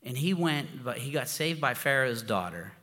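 A man preaching in a relaxed, storytelling way, circling back and restarting his phrases as he goes. His voice sits at an ordinary middle pitch. A long reverb trails each phrase, as in a large hall. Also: moderate pace. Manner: informal and storytelling, with frequent restarts and "you know". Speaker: pastor. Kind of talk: conversational sermon.

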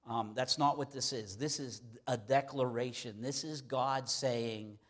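A man's voice: medium pitch, steady tone, measured pace, hardly any pauses. A man preaching a sermon in an earnest, emphatic manner, repeating key phrases to drive them home.

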